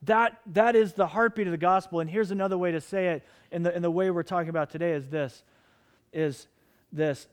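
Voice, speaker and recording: Man, preacher, high-pitched, impassioned, pleading, middle-aged, sermon delivery. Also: fairly quick. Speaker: pastor.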